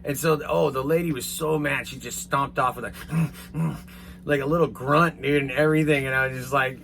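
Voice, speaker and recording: A man telling a rambling, casual story to his viewers, swearing now and then and getting animated as he retells it. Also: medium pitch, moderate pace, vocal fry, a little hiss or hum. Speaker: vlogger.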